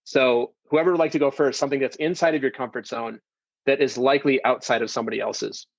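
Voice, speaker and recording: Male podcast host, mid-pitched, talkative and loose, on slightly muffled audio. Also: fairly even intonation, fast, gravelly, no echo. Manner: chatty, rambling with restarts. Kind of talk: casual interview chat.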